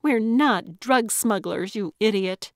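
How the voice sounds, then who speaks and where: Woman playing threatening female villain, hissing and contemptuous, slow delivery. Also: mid-range voice, animated, no room sound, studio quality, pitched above the performer's own voice, lightly acted. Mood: menacing. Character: menacing woman criminal, cold and contemptuous.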